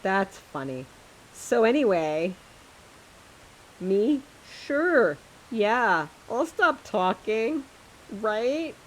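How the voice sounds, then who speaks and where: A woman's voice: a little high, big pitch swings, drawn-out words, pauses often, a little hiss or hum, poor audio. A woman streamer chatting casually to her viewers while she plays a game, chatty and self-mocking, often laughing at herself.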